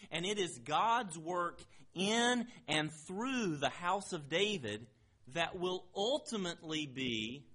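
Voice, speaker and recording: A man preaching a sermon in a measured, emphatic way with deliberate phrasing. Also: high voice, pushed and bright. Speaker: pastor.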